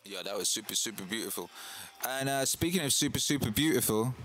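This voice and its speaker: A man hosting a casual livestream, hyped and boastful, repeating himself and giving shout-outs to viewers. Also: mid-range voice, lively intonation, brisk. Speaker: livestream host and DJ. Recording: faint music in the background. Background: Christmas music playing.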